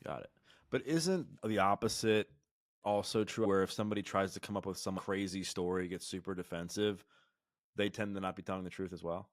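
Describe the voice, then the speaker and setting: A man with a very low voice asks his guest conversational follow-up questions. The recording is dry and close, with no room sound. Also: brisk, no echo. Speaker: podcast host. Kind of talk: interview questions.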